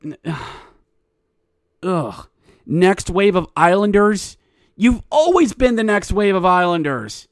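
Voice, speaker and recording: A man's voice: high-pitched, sing-song, measured pace, clean tone, no echo, studio quality. A man hosting a solo hockey podcast, ranting in exasperation and working himself up as he goes. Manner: exasperated ranting, getting louder and riled up. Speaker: podcast host. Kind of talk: solo sports podcast rant.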